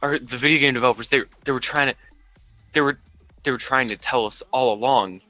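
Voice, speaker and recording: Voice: mid-range voice, fairly quick, sharp tone, no room sound, soft background music, rough recording. A person making joking quips during a casual stream chat.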